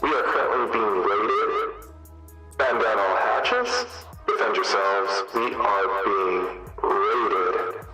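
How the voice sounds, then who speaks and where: A stern alarm announcer sounds the call to defend, as a man puts him on. The voice comes through a voice changer, low, bright and forceful, with an echoey ring around each slow, booming word. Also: animated, soft background music, heavily acted. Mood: urgent alarm.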